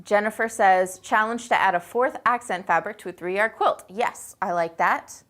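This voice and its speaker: Speaking at normal speed in a mid-range, slightly bright voice, this woman hosts a live chat from indoors with a quilt on the wall behind her. Upbeat and talkative, she reads out viewer comments and wanders off on tangents full of "like" and "you know."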